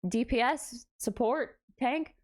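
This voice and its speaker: A young woman streams late into the night, worn out but giddy. Her voice sits a touch high, and she reads her viewers' messages aloud and answers them with playful, self-mocking banter. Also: slow pace, a little mellow. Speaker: VTuber streamer. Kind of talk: casual live-stream chat with viewers.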